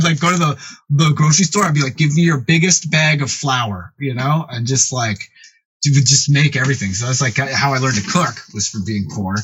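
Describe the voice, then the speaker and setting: A man's voice: medium pitch, a little hiss or hum, poor audio. A middle-aged man, a music producer, telling a long anecdote as a podcast guest and acting out what others said. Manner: animated, acts out quoted voices loudly. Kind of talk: casual storytelling.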